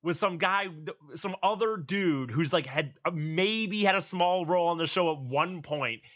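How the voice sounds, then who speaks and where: Brief: male co-host, bright forceful voice, a bit higher, casual recap. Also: moderate pace, highs cut off. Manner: explains with restarts, recounting news. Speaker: podcast co-host. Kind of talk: casual podcast chat.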